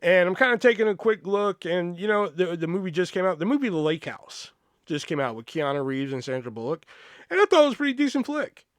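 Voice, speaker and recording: A man's voice: sits high, fairly quick, no room sound, studio quality. A man in his thirties hosting a podcast, telling rambling comedic anecdotes with a lot of swearing. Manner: animated, profane, rambling anecdotes. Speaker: podcast host. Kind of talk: comedic storytelling.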